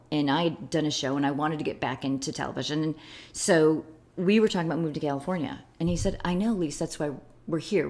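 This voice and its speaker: A woman guest on a podcast, telling a personal story and acting out the dialogue in lively voices. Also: low-pitched. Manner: animated, acts out quoted dialogue in lively voices. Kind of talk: storytelling in a conversational interview.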